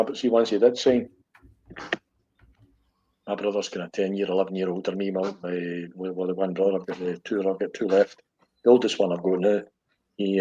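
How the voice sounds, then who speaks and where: A man's voice: deep voice, mellow, slightly rough. A middle-aged man with a Glasgow accent, hosting a podcast in blunt, sweary football chat and tagging his lines with "eh?". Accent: Scottish, Glaswegian. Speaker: podcast host. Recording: dull lo-fi audio.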